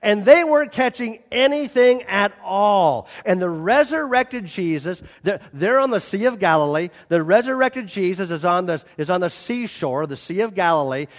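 A man preaching a sermon as a pastor, reading scripture and surging loudly on quotes and appeals. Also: high-pitched, lively intonation, normal speed, hardly any pauses, big-room sound.

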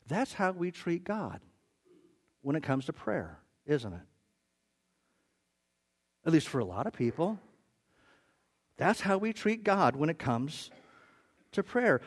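Lively high-voiced man preaching. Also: slow pace, long pauses, husky. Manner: animated, humorous storytelling with stammered restarts. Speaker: pastor. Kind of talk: sermon.

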